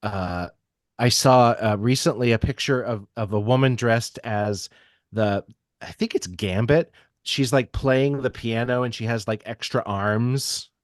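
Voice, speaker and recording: A man's voice: medium pitch, measured pace, no room sound, clean studio sound. A man co-hosting a casual chat, talking in a hesitant way with many ums and restarts. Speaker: podcast co-host.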